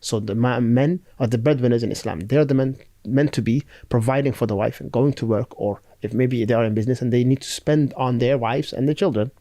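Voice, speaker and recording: A man's voice: medium pitch, quick pace, few pauses, dark tone, no echo. A man who is an Islamic scholar, explaining duties in a podcast with Arabic terms. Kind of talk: religious podcast discussion.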